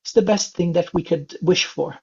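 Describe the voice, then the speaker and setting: A man gives a calm, unhurried spiritual reading in a gravelly, somewhat husky voice, his speech full of soft filler sounds. The recording is dull and lo-fi. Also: a little high. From England. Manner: calm, gentle, many filler uhs. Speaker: spiritual reader. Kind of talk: psychic reading session.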